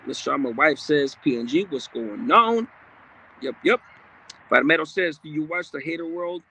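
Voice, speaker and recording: A man's voice: a little high, lively intonation, normal speed, pushed and bright, husky. A man hosting a livestream, reading viewer comments aloud in a blunt, streetwise, casual way with frequent profanity. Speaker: livestream host.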